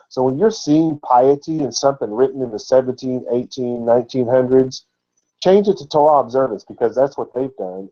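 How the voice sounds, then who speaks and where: A man's voice: mid-range voice, lo-fi sound. A man giving an informal, conversational sermon as a Bible teacher, often asking rhetorical questions.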